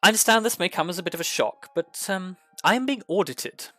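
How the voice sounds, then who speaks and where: Brief: a man doing a formal, courteous drow official; quiet, bright, dry sound. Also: sits high, expressive, fairly quick, dry recording, soft background music, voice pushed up. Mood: polite. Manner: polite and formal. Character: male drow official, polite and composed.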